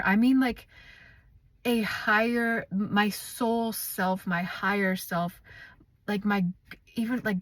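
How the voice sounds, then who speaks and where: A woman's voice: mid-range voice, no room sound. A woman trauma recovery coach talking candidly and emotionally in a personal vlog, swearing freely and often stopping to restart her sentences.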